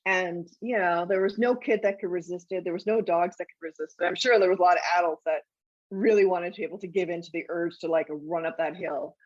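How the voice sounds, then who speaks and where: A woman and guest author in a casual interview chat, telling stories in an animated way and laughing often. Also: lowish voice, quick pace, no room sound, muffled recording. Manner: animated, laughing anecdotal storytelling.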